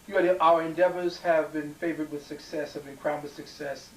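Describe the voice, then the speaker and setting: A man with a fairly high voice lectures to a live crowd, emphatic and prone to wandering off and restarting his sentences. He is picked up from a distance in a reverberant room with a faint hiss underneath. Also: fairly even intonation, normal speed. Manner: emphatic and digressive, with frequent restarts and fillers.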